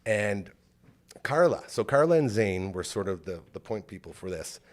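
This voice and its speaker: A man with a lowish, animated voice hosts a podcast, moving at a moderate pace as he rambles through an emotional story. His casual telling leans heavily on "like."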